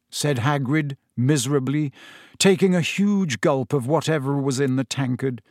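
A man narrating a novel in a measured storytelling manner. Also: mid-range voice, steady tone, no echo, clean studio sound. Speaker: audiobook narrator. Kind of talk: scripted narration.

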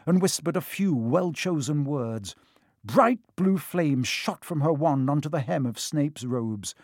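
A man narrating a children's storybook in a steady, expressive reading. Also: a little high, no room sound, studio quality. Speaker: audiobook reader.

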